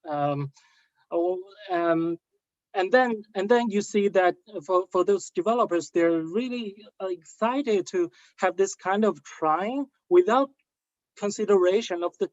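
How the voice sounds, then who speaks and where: A man who researches AI, speaking on an online panel. He talks haltingly, with many fillers and restarts. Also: high voice, no room sound, lo-fi sound. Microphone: video call.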